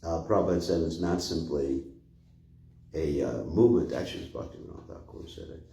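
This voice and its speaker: A man's voice: a bass voice, a little fast, dark tone. An older man giving an informal scripture class, rambling and conversational, often chuckling. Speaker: spiritual teacher giving a class. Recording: echoey room.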